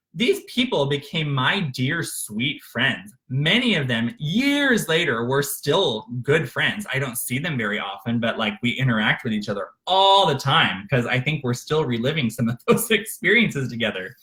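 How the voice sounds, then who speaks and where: A man tells his own life story in a bright, ringing voice that rises and falls in a lively way. He talks candidly and with feeling, catching himself with fillers and restarts as he goes. It sounds like a close studio microphone. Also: fairly high pitch. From Arkansas, USA. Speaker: author narrating his memoir. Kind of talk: unscripted memoir narration.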